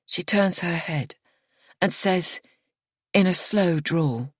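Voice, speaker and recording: A woman reading a psychological thriller aloud in the first person, measured and hushed. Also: fairly low pitch, breathy edge, no echo, studio quality. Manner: measured and hushed, dropping to a whisper at tense moments. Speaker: audiobook narrator.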